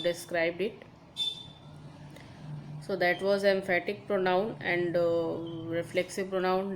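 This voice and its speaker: A woman's voice: on the low side, a little hiss or hum, low-quality recording. Woman teacher. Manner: explains slowly, repeats examples, frequent "okay" and "see". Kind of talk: recorded online grammar lesson.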